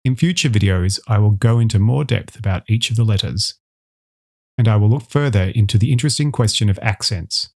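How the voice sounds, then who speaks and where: A man giving a scripted educational voice-over, clearly enunciating each example sound as he explains an alphabet. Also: on the low side, brisk, a little mellow. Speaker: instructor.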